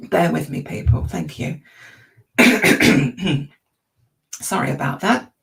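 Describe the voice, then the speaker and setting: A woman with a croaky, gravelly voice teaches in a relaxed, chatty way, tossing out rhetorical questions to encourage her listeners. She sits somewhat back from the microphone. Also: low-pitched, moderate pace, recorded from a distance, low-quality recording. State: croaky throat. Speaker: emotional intelligence coach. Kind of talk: informal teaching talk to an online audience.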